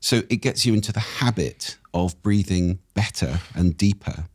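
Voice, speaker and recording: Man, very deep voice, dry close sound, expressive podcast guest, lively swings in pitch. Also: moderate pace, no room sound. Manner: expressive, animated delivery with wide pitch swings. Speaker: speaking expert guest. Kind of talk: interview conversation.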